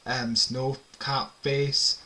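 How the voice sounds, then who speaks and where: A man's voice: medium pitch, level tone, extremely slow, pushed and bright. A man co-hosting a podcast review in chatty casual talk, laughing easily and sharing trivia. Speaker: podcast co-host.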